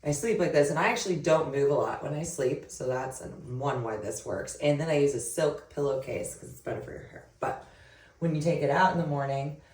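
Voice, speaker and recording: A woman's voice: low-pitched, a little fast, darkish tone. A woman chatting casually and giggling as she walks through a hair tutorial. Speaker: vlogger. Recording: roomy sound, distant from mic.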